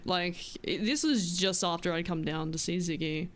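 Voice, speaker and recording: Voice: medium pitch, normal speed, hardly any pauses, a bit bright. A streamer chatting in character during a roleplay, laid-back, swearing freely and laughing often. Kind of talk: casual in-character roleplay chat.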